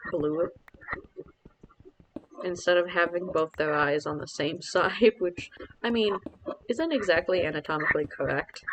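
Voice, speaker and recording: A man's voice: on the high side, fairly bright tone, a little hiss or hum, low-quality recording. Chatty self-mocking man streaming a game. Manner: rambling, self-deprecating, chatty with viewers. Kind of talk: casual live-stream commentary.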